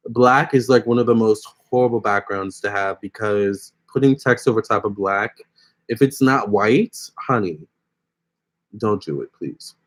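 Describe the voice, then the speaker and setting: A man's voice: on the low side, measured pace. A young man hosting a casual phone livestream, chatting with viewers and reading their comments aloud. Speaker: livestream host.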